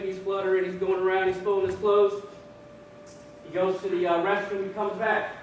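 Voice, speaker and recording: A man with a high voice tells a funny story at a ceremony, animated and prone to repeating his words. He stands well back from the mic in a big echoing hall, with noise running underneath. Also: moderate pace. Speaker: ceremony speaker. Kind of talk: humorous storytelling speech. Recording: echoey hall, distant mic, background noise.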